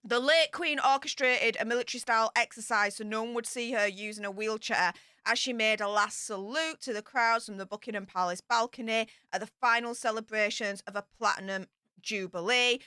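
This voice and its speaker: Woman chatting through royal gossip, emphatic, crisp smooth voice, dry sound. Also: fairly high pitch, brisk, pushed and bright, no echo. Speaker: royal news commentator. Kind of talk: casual commentary reading news points.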